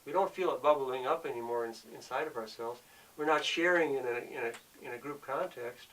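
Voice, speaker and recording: A man's voice: medium pitch, fairly quick, fairly bright tone, distant mic, a little hiss or hum, poor audio. A man delivering an earnest, preachy monologue, often repeating himself as he presses his point. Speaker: speaker of the show.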